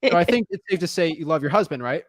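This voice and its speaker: A man's voice: on the high side, expressive, fast talker, dry recording, clean studio sound. A young adult man coaching callers on real estate deals live, direct and encouraging, checking in with the listener as he talks.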